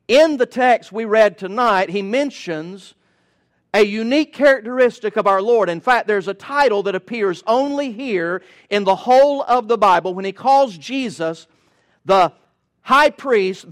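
A man's voice: high voice, animated, unhurried, a bit bright. A male preacher delivering a sermon in an emphatic, rhythmic cadence with touches of folksy humor.

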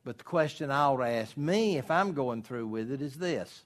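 A man preaching a sermon as pastor, animated and storytelling, acting out voices in his illustrations. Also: medium pitch, moderate pace, few pauses.

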